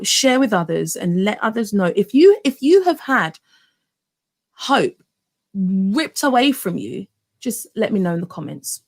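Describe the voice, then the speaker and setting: Woman vlogger, thirties, mid pitch, lively storyteller who repeats herself and talks straight to viewers. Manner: animated, repeats words, addresses viewers as guys. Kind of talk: personal birth story told to camera.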